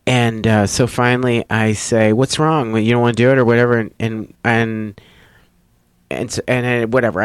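A man, a comedian, telling a story in casual chat, getting animated and loud as he acts out a confrontation. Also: fairly low pitch, no room sound, studio quality. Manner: animated, rising loud when acting out the confrontation. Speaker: comedian guest.

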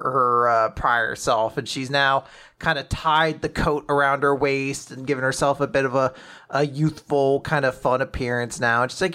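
A young man casually recapping an anime episode as a podcast host, retelling scenes and acting out characters' lines. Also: medium pitch. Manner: animated retelling, acting out lines in quick voices. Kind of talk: casual chat.

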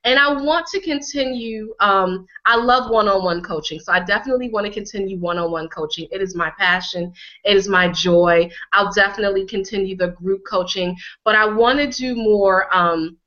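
A woman from Connecticut talks with a bright, forceful voice, a little hoarse as she gets over a cold. She leans on her words and repeats them for emphasis. The audio is slightly dull and lo-fi. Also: medium pitch, normal speed. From Connecticut, USA. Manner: emphatic, repeats phrases for effect. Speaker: healing coach, guest. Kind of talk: conversational interview.

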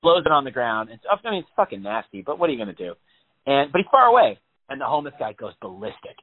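A man's voice: medium pitch, fast. A man chatting casually on a podcast, telling stories with lots of swearing and acting out panicked voices. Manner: animated storyteller, swears a lot, acts out panicked voices. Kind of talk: casual chat. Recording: phone-like narrow band.

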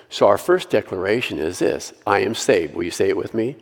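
A male pastor preaching a sermon, earnestly leading the congregation in repeated declarations and dropping to a hushed voice on scripture. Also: on the low side, very animated, a little fast, few pauses, long reverb tail.

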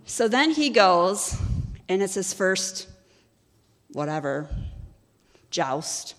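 A woman teaching from the pulpit in a relaxed, storytelling way, checking in with her listeners through questions. Her mid-range voice carries the long reverb of a large hall. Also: medium pitch, very slow. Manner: conversational, storytelling, asks the audience questions. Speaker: ministry executive director teaching. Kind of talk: sermon-style teaching.

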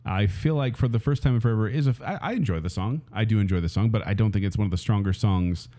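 A man's voice: lowish voice, fast talker, mellow. A man in his thirties, a father, chatting casually as a podcast co-host and playfully breaking into bits of song. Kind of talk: casual chat.

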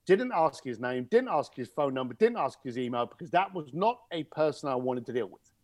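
A man as an interview guest, telling an anecdote in a lively conversational way and acting out the voices of the people in it. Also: medium pitch, fairly quick, no echo. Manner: animated, acts out the voices in his anecdotes. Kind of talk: conversational storytelling.

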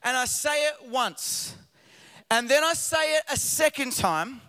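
A middle-aged man preaching a sermon as pastor, swinging between loud emphatic calls and quiet low passages. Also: lively intonation, a little slow. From Australia. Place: large church auditorium. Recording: long hall reverb from a church.

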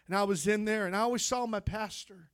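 A man preaching a testimony sermon, telling his story with fervor that climbs into shouts. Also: high voice, fairly quick, smooth, no echo, studio quality. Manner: fervent storytelling, rising to shouts.

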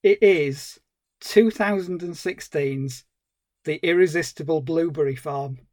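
A man's voice: on the high side, a little slow, no echo. A man co-hosting a film podcast, chatting casually and laughing easily. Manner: animated, laughs at his own lines. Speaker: podcast co-host.

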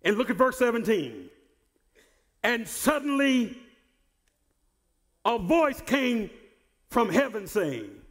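A male pastor preaching a sermon who repeats and restarts words and builds to shouted emphasis. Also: very high voice, big pitch swings, slow, pauses often, long reverb tail. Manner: repeats words and stumbles on starts.

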